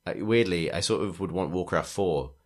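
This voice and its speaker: Deep-voiced rambling podcast co-host man. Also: normal speed. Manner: rambling, restarts sentences, laughs often. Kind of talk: casual chat.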